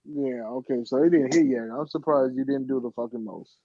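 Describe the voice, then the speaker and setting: A man hosting a casual podcast, reacting loudly to a guest's story with disbelieving exclamations and swearing, on a slightly muffled mic. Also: medium pitch, brisk, no room sound. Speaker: podcast host.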